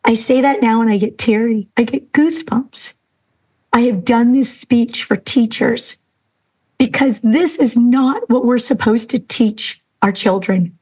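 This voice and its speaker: A woman hosting a podcast, telling a story and speaking earnestly and emphatically, slowing down for emphasis. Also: fairly high pitch, darkish tone, slightly rough, low-quality recording. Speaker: podcast host. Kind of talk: storytelling and inspirational talk.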